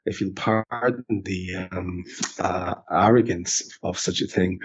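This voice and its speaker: An Irish man co-hosting a casual podcast, rambling and self-deprecating, with halting restarts. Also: lowish voice, breathy edge. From Ireland. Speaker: podcast co-host. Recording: slightly dull podcast audio.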